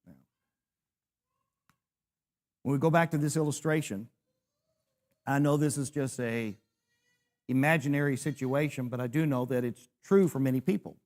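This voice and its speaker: A man's voice: mid-range voice, moderate pace, long pauses. A man in his sixties, a preacher, teaching a church class, telling a personal story with self-deprecating humor.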